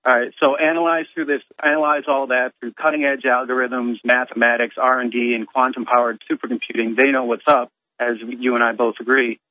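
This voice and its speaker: A man's voice: medium pitch, little pitch movement, a little fast, no echo. Rambling young man on a phone line. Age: young adult. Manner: rambling, hesitant, long-winded. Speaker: caller. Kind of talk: call-in question. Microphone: telephone.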